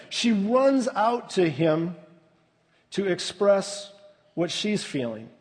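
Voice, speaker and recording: A man preaching a sermon as pastor, in a measured way with soft, hushed dips. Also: a little high. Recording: reverberant hall.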